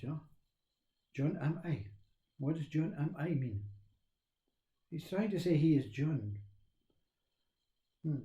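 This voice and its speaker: A man teaching self-inquiry in a slow, repetitive, reflective way. His voice is fairly high for a man but very dark and mellow in tone. The recording sounds roomy and echoey. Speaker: spiritual teacher. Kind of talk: spiritual talk on self-inquiry.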